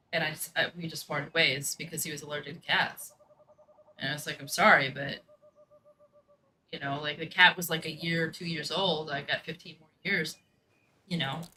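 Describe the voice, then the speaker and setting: A woman with a deep, sharp-toned voice tells stories while playing a game on stream, with a slight hiss in the audio. The gaming streamer is chatty and casual, acting out what the people in her stories said and swearing now and then.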